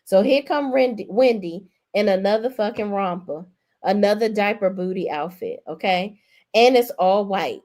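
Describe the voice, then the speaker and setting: A woman reviewing reality TV episodes in a casual, talky way at a medium pitch. She is sassy and blunt, swears freely and leans hard into her punchlines. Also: moderate pace. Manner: animated and emphatic. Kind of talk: casual recap commentary.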